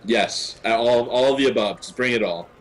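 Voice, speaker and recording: A man's voice: medium pitch, normal speed. A man playing a character in a tabletop game, speaking hesitantly and politely. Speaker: player.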